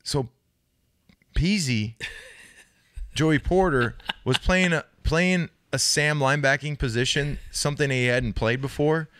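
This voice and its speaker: A man in his thirties, a podcast co-host and former linebacker, telling stories in a loose, profane, animated way, a little hoarse. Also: a little high, measured pace, dry recording, studio quality. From United States. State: slightly hoarse, says he can't speak well. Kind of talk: casual storytelling chat.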